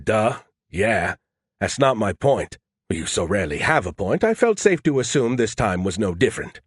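A man's voice: lowish voice, big pitch swings, moderate pace, husky, no echo, studio quality. A man voicing an arrogant, snarky male alien AI that talks down to humans. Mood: mocking. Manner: condescending, mocking.

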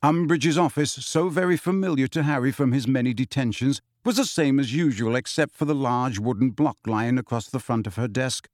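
A man reading a novel aloud as audiobook narrator in a measured storytelling manner. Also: mid-range voice, no echo, clean studio sound. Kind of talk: scripted narration.

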